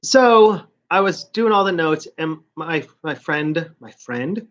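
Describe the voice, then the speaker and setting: A man's voice: a little high, lively intonation, slow. A man talking in a casual rambling vlog, a college student ranting about his day in a profane, self-mocking way. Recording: slightly muffled lo-fi audio.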